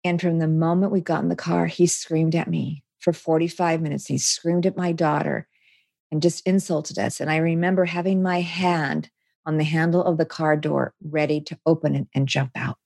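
A woman guest speaks in a very low voice with a gravelly fry. She tells her own past candidly and reflectively. The recording is dry and close. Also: steady tone, moderate pace, a little mellow, dry recording. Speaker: interview guest. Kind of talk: personal testimony.

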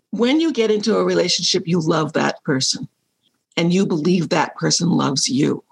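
Husky, gravelly-voiced woman in her sixties. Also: lowish voice. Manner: candid storyteller, acts out remembered dialogue. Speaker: interview guest. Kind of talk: personal storytelling in conversation.

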